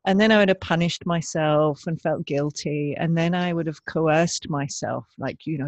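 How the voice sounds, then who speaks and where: A woman co-hosting a parenting podcast, speaking gently and tenderly and laughing often. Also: low voice, steady tone, unhurried, dry recording, highs cut off. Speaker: podcast co-host. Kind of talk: reflective parenting podcast chat.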